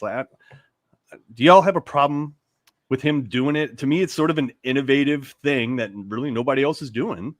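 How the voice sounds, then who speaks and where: A man co-hosting a casual sports talk show, animated and rambling, often laughing and restarting his sentences. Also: medium pitch, normal speed, no echo, studio quality. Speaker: sports radio co-host.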